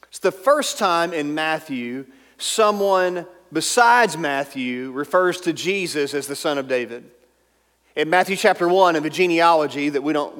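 A pastor preaching a sermon, emphatic and at times dropping to a soft, intimate tone. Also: male voice, on the high side. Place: church sanctuary. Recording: long hall reverb.

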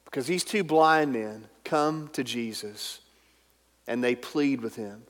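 A pastor preaching a sermon, emphatic and at times dropping to a soft, intimate tone. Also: male voice, mid-range voice, slow. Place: church sanctuary. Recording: long hall reverb.

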